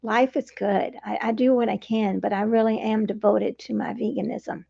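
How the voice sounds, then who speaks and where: A woman's voice: fairly high pitch, fairly even intonation, normal speed, gravelly, warm tone, husky, lo-fi sound. A woman in her fifties, a vegan coach, talking in an earnest, heartfelt, meandering way in a casual personal monologue. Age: 50s.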